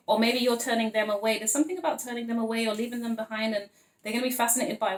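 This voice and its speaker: A tarot card reader with a steady, higher-pitched voice rattles through a laid-back reading to camera at a quick pace. The audio is poor and echoey. She rambles playfully, laughs frequently, uses lots of fillers, and calls listeners honey and babes.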